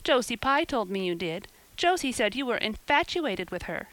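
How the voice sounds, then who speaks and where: A woman's voice: a little high, big pitch swings, moderate pace, a bit bright, no room sound, poor audio. A woman voicing a chatty, somewhat reproachful teenage girl friend. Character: wistful, teasing teenage girlfriend.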